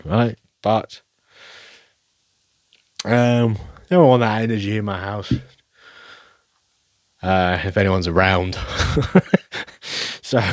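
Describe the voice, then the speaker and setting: A man with a lowish voice talks slowly through a rambling solo chat. He mocks himself and laughs a lot, and the sound is dry and close. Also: no echo. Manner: rambling, self-mocking, laughs often. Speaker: podcast host. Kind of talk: casual solo monologue.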